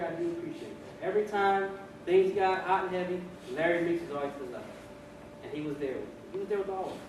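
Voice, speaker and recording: A man, an officer, giving an informal retirement speech, telling stories with repeated words and frequent laughs. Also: sits high. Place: ceremony room, speaking before an audience. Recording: echoey room, distant mic, background noise.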